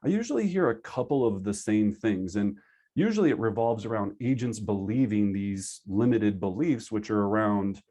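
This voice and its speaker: A man teaching a live online class for real estate agents over a video call, energetic and conversational, acting out his students' excuses. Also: lowish voice. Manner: acts out agents' excuses in quick asides. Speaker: real estate sales trainer.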